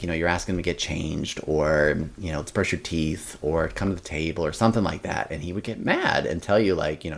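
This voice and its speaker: A man's voice: sits low, creaky. A young adult man, a podcast guest, chatting casually, rambling with many fillers and restarts and acting out quotes from his family. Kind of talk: casual interview chat.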